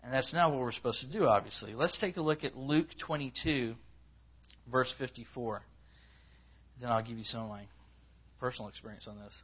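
A man preaching in an easygoing, conversational way, his pitch lifting whenever he acts out what people say. His voice sits mid-range, and the recording has a slightly dull, lo-fi sound. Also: a little fast, pauses often, slightly rough. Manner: conversational, rising in pitch when acting out quotes. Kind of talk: sermon.

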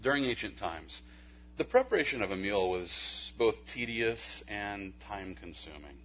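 A man preaching a sermon in a conversational way, with folksy asides, stammered restarts, and a hushed soft delivery when he makes a point. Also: fairly low pitch, sing-song, moderate pace, a little hiss or hum. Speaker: pastor. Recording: dull lo-fi recording.

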